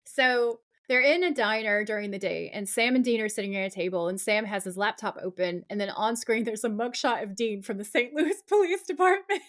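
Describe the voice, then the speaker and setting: A woman co-hosting a podcast, recapping a TV episode in casual, animated chat full of laughs and "like" fillers. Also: medium pitch, a little fast, hardly any pauses. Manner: animated, giggly, frequent "like" fillers. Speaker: podcast co-host.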